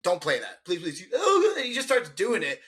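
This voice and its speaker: A man with a fairly high, bright, forceful voice lays out his take on a film point by point. The tone is casual, with laughter now and then. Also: wildly swooping pitch, moderate pace. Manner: argumentative, counts off points, laughs. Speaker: podcast co-host.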